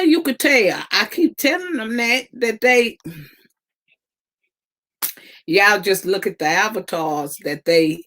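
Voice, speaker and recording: A young woman hosts a casual livestream, teasing her viewers with an unhurried, drawn-out delivery. She laughs often and stretches her exclamations. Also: on the low side, a bit bright. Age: 20s. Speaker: livestream host.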